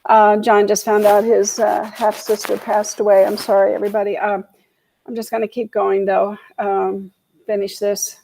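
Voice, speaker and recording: Over a low-quality video call with a little hiss or hum, this real estate video marketing instructor reads out slide statistics before tossing in relaxed side comments. She speaks at a normal speed in a medium, level, mellow voice with vocal fry.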